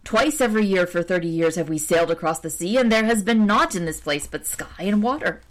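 A woman's voice: on the low side, expressive, fairly quick, close to an everyday voice. A woman voicing wonderstruck old-world sea merchants. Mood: amazed. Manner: archaic exclaiming speech. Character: seafaring male merchants, wonderstruck.

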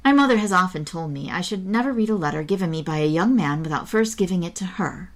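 A woman's voice: lowish voice, lively intonation, quick pace, lightly acted. Woman reading as a prim, earnest schoolgirl. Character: proper, modest young schoolgirl, earnest.

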